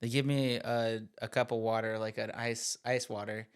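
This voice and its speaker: A man's voice: mid-range voice, level tone, moderate pace, clear, resonant tone. A man co-hosting a podcast, telling a story on himself in casual chat, chuckling often. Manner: chuckling, self-mocking, jumps into the story. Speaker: podcast co-host.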